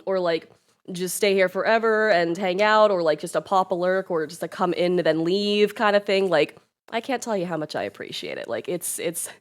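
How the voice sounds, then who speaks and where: A woman streaming live and chatting casually, bubbly and rambling, full of "like" fillers and laughter, nervous and close to tears. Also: lowish voice. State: nervous and emotional, near tears.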